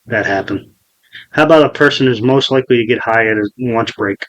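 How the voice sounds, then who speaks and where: A man in his forties hosts a casual podcast chat. His voice sits at an average pitch, and he rambles through his story with plenty of swearing and false starts. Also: a little fast, a bit bright, lo-fi sound. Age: 40s. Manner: profane, rambling storyteller with many restarts. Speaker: podcast host.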